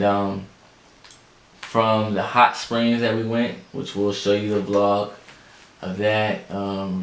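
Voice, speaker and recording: Low-voiced man telling a story. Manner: animated, chatty, addresses listeners as y'all. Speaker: podcast host. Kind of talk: casual storytelling chat. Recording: echoey room, faint background noise.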